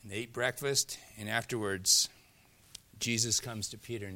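A male pastor preaching a sermon, retelling scripture stories with animated emphasis, swinging from loud, driving lines to soft, hushed ones. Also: medium pitch, moderate pace.

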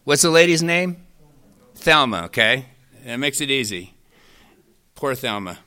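A man's voice: medium pitch, sing-song, a little slow, sharp tone, clean tone. A man teaching a Bible study class in a folksy way, drifting into anecdotes.

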